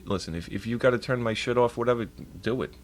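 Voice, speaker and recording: A man's voice: medium pitch, fast, a little hiss or hum. A young man streaming, telling a rambling, profane story in casual chat.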